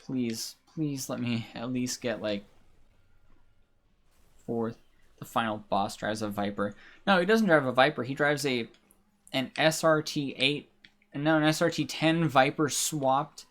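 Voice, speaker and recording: A man's voice: mid-range voice, unhurried, pauses often, a bit bright. A man giving casual, rambling commentary while live-streaming a racing game, grumbling and swearing at it. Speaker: livestreamer.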